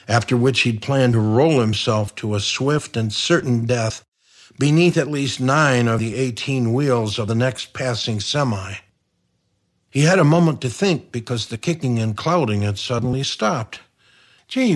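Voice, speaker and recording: A man reading a comic crime novel aloud, in a dry, wry storytelling manner. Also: mid-range voice. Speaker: narrator. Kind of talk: audiobook narration.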